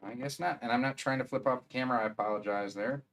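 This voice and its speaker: A man's voice: mid-range voice, quick pace, fairly bright tone. A man with a Wisconsin accent chatting casually on a live stream, rambling and thinking aloud as he assembles a 3D printer.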